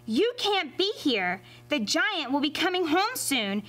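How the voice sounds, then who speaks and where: Woman doing a little maid voice, squeaky high, panicky, faint music behind. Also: very animated, fairly bright tone, exaggerated voice. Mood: alarmed. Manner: shrieking, high and hurried. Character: small fretful lady servant, shrill and urgent.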